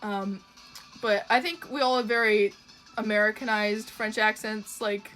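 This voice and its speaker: A woman's voice: mid-range voice, steady tone, a little slow, fairly bright tone, faint music behind. A young woman from Canada streaming from home while she draws, chatting with her viewers in a loose, profane, rambling way with frequent laughs. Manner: chatty, profane, laughs often, trails off with ums. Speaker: livestreamer drawing and reading chat. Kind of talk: casual chat.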